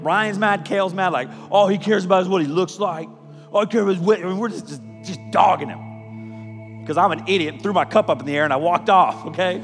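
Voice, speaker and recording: A man preaching a sermon as a youth pastor, energetic and jokey, mixing scripture with personal stories. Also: high-pitched, brisk. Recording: reverberant hall with music behind.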